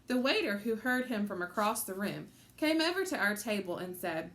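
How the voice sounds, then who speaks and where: A woman reading a children's chapter book aloud in an expressive, storytelling manner. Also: mid-range voice, normal speed, hardly any pauses. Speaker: audiobook reader. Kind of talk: children's audiobook narration.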